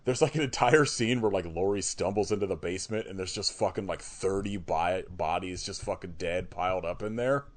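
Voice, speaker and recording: A man co-hosting a podcast chats casually about horror movies, swearing freely and laughing often. His voice is low, and he talks briskly with few pauses.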